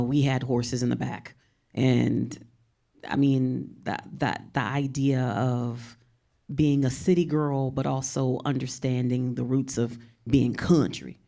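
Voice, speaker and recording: A poet from San Antonio, Texas, speaks with a Texan twang during casual panel talk, rambling and laughing often. Her voice is very deep and dark, with vocal fry.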